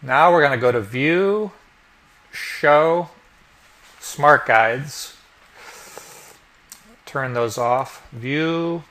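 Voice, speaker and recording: A man narrating a software tutorial step by step as the instructor, explaining each click as he goes. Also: medium pitch, drawn-out words, long pauses. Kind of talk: screen-recorded tutorial narration.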